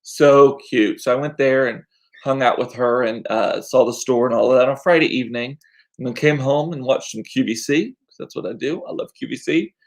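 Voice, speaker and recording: A man's voice: mid-range voice, normal speed. A man, chatting casually and rambling in a home vlog, chatty and self-deprecating. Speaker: vlogger. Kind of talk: casual chat.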